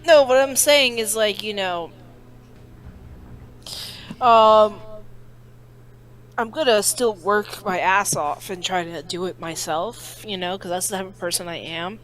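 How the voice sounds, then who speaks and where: A woman's voice: medium pitch, a little slow, pauses often, a bit bright, rough recording. A woman chatting casually and jokingly on a game stream, rambling with lots of fillers. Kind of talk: casual chat over voice call.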